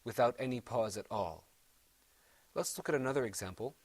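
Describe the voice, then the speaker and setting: A man teaching Quran recitation, patiently encouraging his students and trailing off softly after each bit of praise. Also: mid-range voice, normal speed, breathy edge, dry recording. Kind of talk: gentle classroom instruction.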